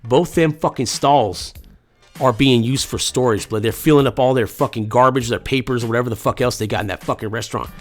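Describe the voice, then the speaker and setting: A man's voice: medium pitch, a little fast, soft background music. A man from the United States telling a crude comedic story, profane and rambling with lots of slang.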